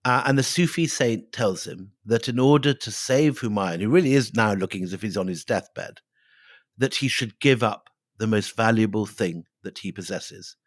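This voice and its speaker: A man's voice: on the low side, moderate pace, dry recording, clean studio sound. A middle-aged man co-hosting a history podcast, telling the story with dramatic flair and reading quotes aloud.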